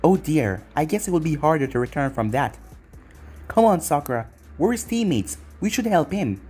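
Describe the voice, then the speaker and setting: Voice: medium pitch, big pitch swings, normal speed, darkish tone, husky, faint music behind. A reader voicing a gloating ninja villain. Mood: mocking. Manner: taunting and mocking. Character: cruel, gloating young male ninja villain. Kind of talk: fan fiction reading.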